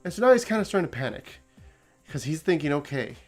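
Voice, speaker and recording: A man's voice: a little high, big pitch swings, fast talker, soft background music. A man hosting a casual story recap, talking animatedly, laughing often and acting out quotes. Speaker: host.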